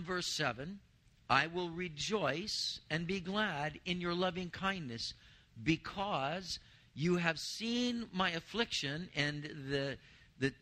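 A man preaching a sermon as pastor, who slows down to stress key words. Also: high voice, sharp tone.

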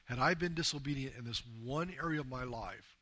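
A man's voice: medium pitch, brisk, pushed and bright. A man from the United States giving an earnest personal testimony as a missionary to a group of men, often calling them "guys". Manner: earnest storytelling, often addressing the listeners as "guys". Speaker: missionary speaking to a men's group.

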